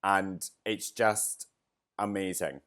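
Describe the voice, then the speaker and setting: A man's voice: low voice, fairly even intonation, slow pace, fairly bright tone, clean tone. A man hosting a motorsport podcast, hungover and emotional, talking in an effusive, chatty way. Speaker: podcast host. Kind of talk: casual podcast commentary.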